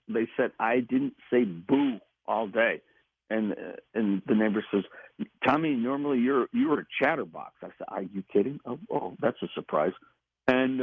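A man telling a personal story in a casual interview, halting and repeating words as he goes. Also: medium pitch, breathy edge, dry recording. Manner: halting, repeats words, laughs between phrases. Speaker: guest recounting an experience. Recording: tinny phone line.

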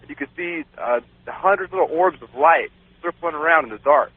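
A man's voice: a little high, expressive, brisk, dry recording. A man guest on a radio show telling a personal story in a rambling way, with many fillers and laughs. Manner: rambling, laughs often, many "you know"s. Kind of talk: casual storytelling. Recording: dry, phone-like radio sound.

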